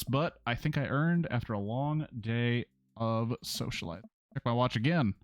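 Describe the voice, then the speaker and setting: A man's voice: mid-range voice, normal speed, no room sound. A man streaming a story game, reading its text aloud in a casual way with sarcastic asides and free swearing. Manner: sarcastic, swears freely, breaks into rants.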